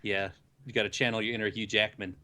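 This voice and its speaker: A man's voice: lowish voice, flat delivery, fast, bright, forceful tone. A man co-hosting a podcast from his living room, chatting casually with many hesitations. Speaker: podcast co-host. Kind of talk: casual chat.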